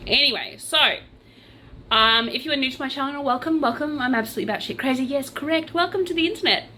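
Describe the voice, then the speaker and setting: A loud, bubbly Australian woman talks casually to her camera, joking at her own expense. Her voice sits a little high and comes across bright and forceful. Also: fast, a little hiss or hum. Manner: loud, bubbly and self-mocking. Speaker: crochet and true crime vlogger.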